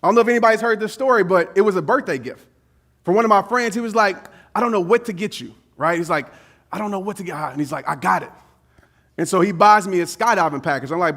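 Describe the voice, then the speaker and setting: A man giving a motivational speech to a live audience, telling a personal story in an animated, casual way with slang. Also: sits high, fast. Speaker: motivational speaker.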